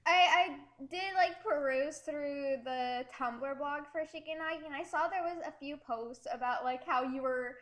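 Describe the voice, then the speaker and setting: High-voiced enthusiastic woman interviewer. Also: unhurried, hardly any pauses, fairly bright tone. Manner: enthusiastic, giggly. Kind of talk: casual interview questions.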